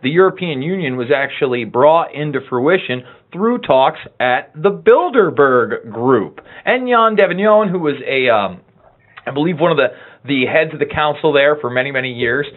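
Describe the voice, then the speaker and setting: A man's voice: a little high, expressive, moderate pace. A man co-hosting a political commentary show, speaking in a heated, emphatic way. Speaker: co-host. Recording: tinny phone-like line.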